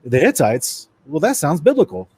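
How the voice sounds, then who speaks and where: A man's voice: on the high side, huge pitch swings, normal speed, dark tone, husky. A man giving a casual lecture-style Bible study presentation. He talks to his listeners as guys and stumbles and restarts now and then while reading passages aloud.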